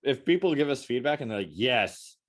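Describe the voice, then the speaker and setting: A young adult man co-hosting a podcast, telling stories casually and acting out the people in them with quick voice changes. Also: mid-range voice. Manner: animated storyteller, acts out quotes in different voices. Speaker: podcast co-host. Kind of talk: casual chat.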